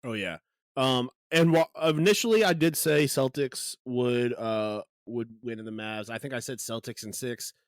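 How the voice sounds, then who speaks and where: A man's voice: medium pitch, moderate pace, no echo, clean studio sound. Easygoing man hedging his sports picks. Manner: easygoing, hesitant, hedging with "I think". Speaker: podcast co-host. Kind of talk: casual sports chat.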